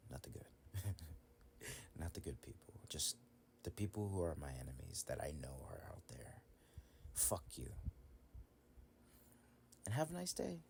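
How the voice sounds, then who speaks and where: A deep-voiced man talks slowly in a whispered role-play, letting swear words drop into a hushed rant. His tone is low and unhurried, with a faint hum of room ambience underneath. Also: creaky. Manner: whispered, cursing rant, swings to loud laughing outbursts. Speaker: solo voice recording maker.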